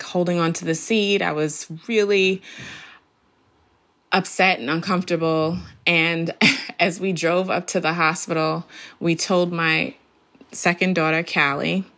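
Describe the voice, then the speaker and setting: A middle-aged woman calmly recounting a birth story, reflective and laughing softly at moments. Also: lowish voice. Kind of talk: storytelling interview.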